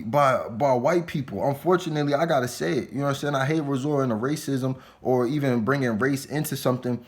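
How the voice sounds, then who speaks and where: A man's voice: medium pitch, a bit bright. A man delivering an impassioned political monologue, lecturing and emphatic, tagging nearly every sentence with a rhetorical check-in. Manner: emphatic, repeats "you understand?" after nearly every line; preachy, lecturing. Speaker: commentator.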